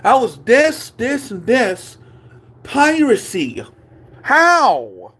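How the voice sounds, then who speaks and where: A man vlogging an angry, profane rant from a dark room at home, taunting and repeating himself. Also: very high voice, wildly swooping pitch, extremely slow, breathy edge.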